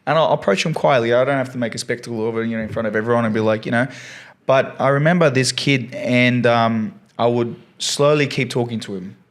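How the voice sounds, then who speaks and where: A man's voice: mid-range voice, steady tone, fairly quick. A man, a science teacher and podcast guest, earnestly telling a long story in a rambling casual way, with many fillers.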